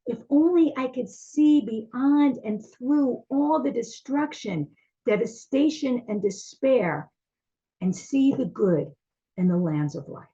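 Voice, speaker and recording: A woman's voice: a little high, expressive, slow pace, mellow, muffled recording. A woman teaching a class, talking in a heartfelt, searching way with many fillers and restarts.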